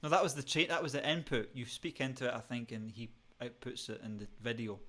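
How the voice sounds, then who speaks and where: A man hosts a podcast over a video call, his voice mid-pitched and ordinary. He keeps the talk easygoing and laughs often while his guest speaks. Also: fairly even intonation, fairly quick, bright, forceful tone. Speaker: podcast host. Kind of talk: casual video-call chat.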